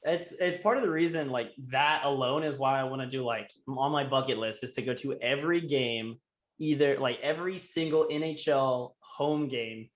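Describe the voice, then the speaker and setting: A man's voice: mid-range voice, normal speed, echoey room. A young man chatting casually on a podcast, rambling with many fillers and restarts. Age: young adult. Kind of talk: casual chat.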